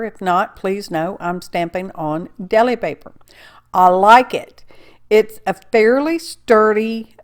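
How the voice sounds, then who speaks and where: A woman giving a casual, folksy craft tutorial, chatting and rambling as she works and often checking in with "okay?". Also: fairly low pitch. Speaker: card-making crafter.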